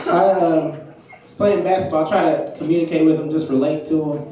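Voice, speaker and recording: A man's voice: on the high side, steady tone, a little fast, distant mic, background noise. A man doing stand-up comedy, telling self-mocking stories in a loose way with plenty of fillers, live on stage. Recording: roomy live club, mic from afar. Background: audience laughter.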